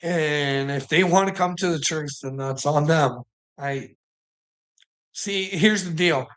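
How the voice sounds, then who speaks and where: A man's voice: a little high, a bit bright. A man hosting his own channel, rambling, swearing and laughing often as he mocks the clips he reacts to. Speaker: channel host.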